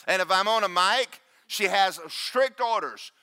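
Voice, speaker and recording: Pastor, man, booming voice, bright and animated, joking at his own expense. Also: unhurried, smooth. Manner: loud, booming preacher with self-deprecating humor. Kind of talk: sermon. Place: church.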